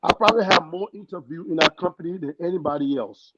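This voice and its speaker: A young man with a foreign accent tells his story on a podcast, earnest and animated, acting out the people he quotes. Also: a little high, fast. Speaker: guest. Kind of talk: casual storytelling. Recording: dull lo-fi sound with loud noise.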